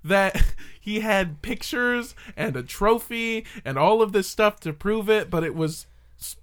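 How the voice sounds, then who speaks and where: A podcast host speaking at an ordinary middle pitch, chatting loosely and sarcastically as they pull a story apart. The talk is peppered with swearing and little laughs, a running debunking tone rather than a formal one. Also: animated, measured pace, fairly bright tone. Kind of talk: casual chat.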